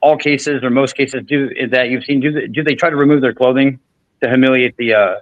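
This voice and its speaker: A man's voice: medium pitch, fairly even intonation, fairly quick, no room sound, lo-fi sound. A man hosting a podcast, telling a long story in casual chat with frequent restarts and fillers. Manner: rambling, many restarts and fillers. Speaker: podcast host.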